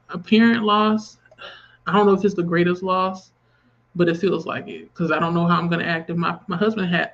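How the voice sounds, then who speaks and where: A woman's voice: lowish voice, creaky, lo-fi sound. A woman in her thirties hosting a livestream, chatting openly about grief and reading viewer comments aloud. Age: 30s. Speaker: livestream host. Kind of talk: casual livestream chat.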